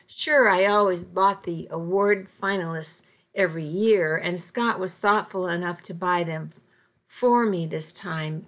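A woman narrating a first-person story in an audiobook, in a measured, quietly tense manner. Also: fairly low pitch.

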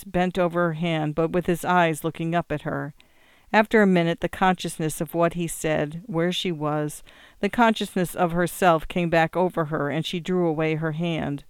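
A reader giving measured, scripted narration of a novel. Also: mid-range voice, clear, resonant tone, no room sound, clean studio sound. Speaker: audiobook reader.

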